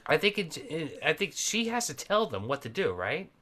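A man's voice: a little high, sing-song, moderate pace, pushed and bright. A man who is a guest on a casual movie podcast, chatting about scenes he remembers.

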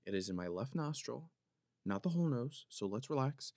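A podcast host tells a long, rambling story in a casual comedic monologue, packing it with "like" fillers. His mid-range voice is animated and a little mellow at normal speed. The dry recording has studio quality.

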